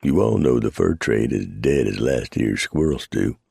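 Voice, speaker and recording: A man voicing a grizzled, dry-humored male mountain man with an unhurried frontier drawl, read as an audiobook. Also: rumbling low, expressive, gravelly, a little mellow, breathy edge, no room sound, heavily acted.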